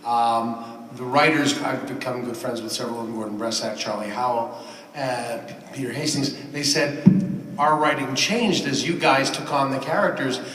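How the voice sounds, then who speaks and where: Measured man answering on a panel. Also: mid-range voice, a bit bright, a little hiss or hum. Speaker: voice actor on a convention panel. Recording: echoey hall from far off.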